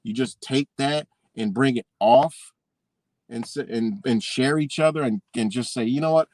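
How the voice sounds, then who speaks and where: A man's voice: medium pitch, normal speed, darkish tone, dry recording. A man hosting a live stream, ranting in a heated, rambling way with a lot of profanity. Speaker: livestream host. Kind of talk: unscripted live-stream rant.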